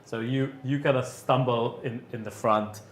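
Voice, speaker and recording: A man narrating a tabletop game as game master, halting with many fillers and restarts. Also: mid-range voice, steady tone, echoey room, a little hiss or hum.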